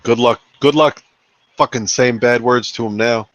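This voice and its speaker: A man's voice: mid-range voice, moderate pace, highs cut off. A man co-hosting a live fight betting stream, bantering casually, swearing a lot and acting out what people said. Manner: animated storytelling, swears a lot, acts out quotes.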